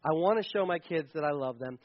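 High-voiced man preaching emphatically. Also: animated, a little fast, lo-fi sound. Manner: earnest, emphatic preaching with repeated phrases. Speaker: pastor. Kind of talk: sermon.

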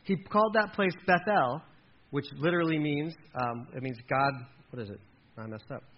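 Animated male pastor preaching, slightly muffled. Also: normal speed, slight background noise. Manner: animated preaching, drops low and quiet when quoting God. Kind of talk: sermon.

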